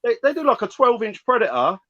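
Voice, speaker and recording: A man with a fairly high voice chats loosely about toys, cursing casually as he goes. The sound is dry and a bit dull, like a lo-fi call. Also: big pitch swings, quick pace, dry recording. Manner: chatty, swears casually. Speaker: guest toy collector. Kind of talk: casual chat. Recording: dull lo-fi audio.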